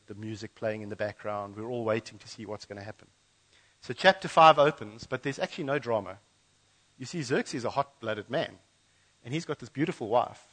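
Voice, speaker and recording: A pastor preaching to his church, telling a Bible story and acting out the characters' lines in lively voices. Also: mid-range voice, low-quality recording. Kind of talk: sermon.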